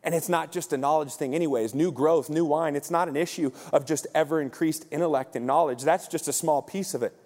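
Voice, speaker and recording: A pastor in his forties preaching a sermon in a lively, joking way, often acting out quotes. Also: a little high, brisk, few pauses. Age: 40s. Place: church auditorium. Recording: reverberant hall.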